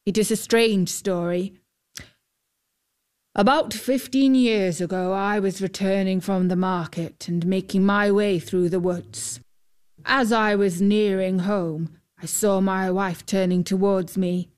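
A woman's voice: mid-range voice, steady tone, takes it slowly, darkish tone, clean tone, lightly acted. A woman voicing a troubled old fisherman, earnest and scolding in a storybook tale. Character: troubled old male fisherman, stern but gentle.

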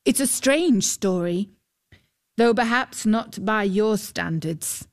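Brief: a woman playing an earnest, courtly knight, slow and formal, for a read-aloud tale. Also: medium pitch, animated. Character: brave young male knight, courteous and earnest.

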